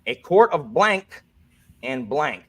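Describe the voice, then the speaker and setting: A man's voice: fairly high pitch, sing-song, slow, pushed and bright, slightly rough. A man hosting a bookish quiz game, playful and jokey, reading each clue twice. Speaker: quiz host. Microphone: desk microphone.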